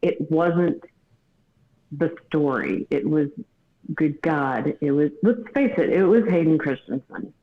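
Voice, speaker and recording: Male co-host, high voice, echoey lo-fi call audio, rambling and emphatic. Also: animated, takes it slowly. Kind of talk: casual group chat over a video call.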